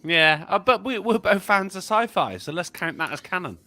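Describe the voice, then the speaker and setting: A man's voice: high voice, very animated, moderate pace, bright, forceful tone, no echo. An English man chatting as a guest on a casual online show, swearing and laughing through teasing banter. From England. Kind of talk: casual chat.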